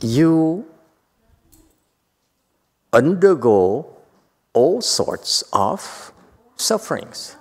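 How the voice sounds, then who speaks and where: A man's voice: fairly high pitch, sing-song, drawn-out words, gravelly, pauses often, darkish tone, breathy edge. A man, a Buddhist master, giving a dharma talk in a monastery hall, emphatic and often questioning his audience. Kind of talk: dharma talk with live interpretation. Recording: long hall reverb.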